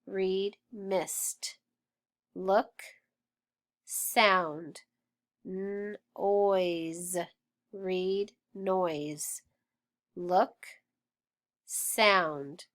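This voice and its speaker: A woman teaching phonics, who sounds out words slowly and patiently and praises the learner. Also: on the low side, fairly bright tone. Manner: patient, encouraging, stretches sounds out. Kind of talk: slow, clear phonics drill.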